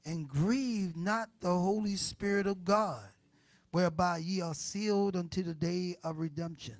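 A man preaching a sermon as church elder, swinging from hushed to loud and acting out his listeners' objections in rhetorical asides. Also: high voice, measured pace, no room sound.

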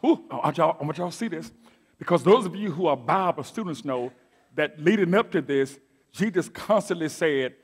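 High-voiced preacher, call and response. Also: male voice, expressive, moderate pace, slightly rough. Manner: call-and-response preaching, swings from soft asides to loud declaiming. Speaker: pastor. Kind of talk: sermon. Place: church sanctuary.

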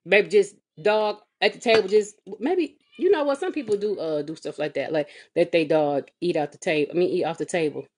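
A woman vlogging as a mother, telling a comedic, exasperated story with sassy, animated delivery and big swings in pitch. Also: a little fast, few pauses, slightly rough. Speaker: mother of a kindergartner. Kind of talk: comedic storytelling vlog rant. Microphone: phone or webcam vlog.

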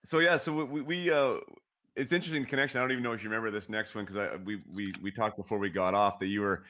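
A man hosting a hockey podcast, asking questions in casual interview style with halting restarts. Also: on the low side, steady tone, sharp tone. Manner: halting, many restarts and fillers. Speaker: podcast host, former hockey player.

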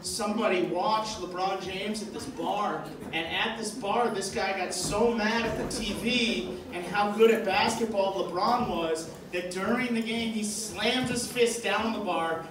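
A Boston man with a high voice performs stand-up, unhurriedly spinning rambling, filler-packed stories with few pauses. The audio comes from a distant, echoey club mic, with background noise and audience laughter.

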